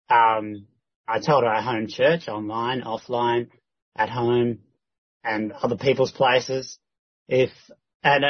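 A man gives a rambling, casual update and keeps restarting his sentences. His voice is husky and the recording is dry. The sound is dull and lo-fi. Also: medium pitch, dry recording. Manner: rambling, with many restarts and quoted dialogue. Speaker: church member giving a prayer update.

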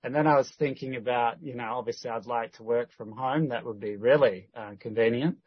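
A man's voice: medium pitch, a little fast, husky, no echo, highs cut off. A man talking casually through a rambling update that is full of restarts and quoted conversations. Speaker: church member giving a prayer update.

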